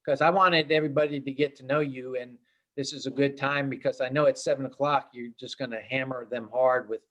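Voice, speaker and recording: A man's voice: mid-range voice, fairly even intonation, brisk, lo-fi sound. A man hosting a live day trading room, chatting in an upbeat, chummy, rambling way. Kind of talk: casual live trading chat.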